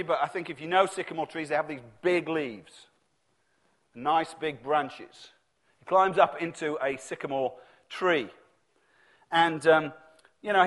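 A man's voice: fairly high pitch, a bit bright. A man preaching a sermon in a conversational storytelling manner, acting out the voices he quotes.

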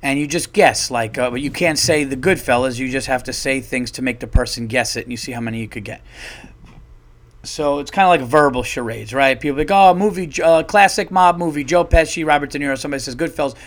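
A man hosting a podcast, telling a rambling, chatty story in a casual monologue and getting louder when he quotes people. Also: mid-range voice. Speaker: podcast host.

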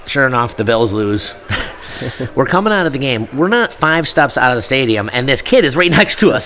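A man's voice: mid-range voice, sing-song, moderate pace, a bit bright. A man from the Buffalo area telling a rowdy tailgating story in casual chat, laughing and acting out the quotes.

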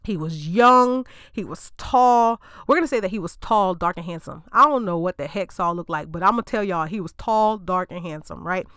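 A woman host retelling a Bible story in a loose, slangy way, breaking off for joking asides to her listeners. Her voice is smooth and clear, recorded dry and close with no room sound. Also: on the low side, moderate pace, few pauses, a bit bright, no echo. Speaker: podcast host.

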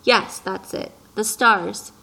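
A woman's voice: medium pitch, slow, vocal fry, pushed and bright, breathy edge, full character voice, low-quality recording. A fussy, self-important businessman speaks with precise, slightly raised force, as a woman reading an audiobook puts him on. He is peevish and pompous, a middle-aged man sure of his own importance.

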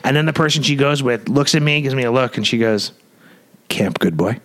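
A man in his forties co-hosting a podcast, telling an animated story with swearing and sudden jumps in pitch. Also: quick pace. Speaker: podcast co-host. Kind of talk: casual chat. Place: Los Angeles.

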